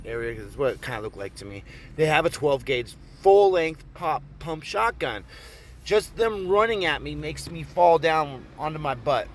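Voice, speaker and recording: Male vlogger from Oregon, casual rambling storyteller, cusses freely, slightly high voice. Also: normal speed, slight background noise. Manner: rambling, profane, animated retelling. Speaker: vlogger telling a personal story.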